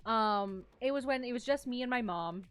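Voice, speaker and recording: A young woman streamer chatting casually with her live chat, telling a story in a giggly, animated, rambling way. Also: a little high, moderate pace, clear, resonant tone. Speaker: vtuber streamer.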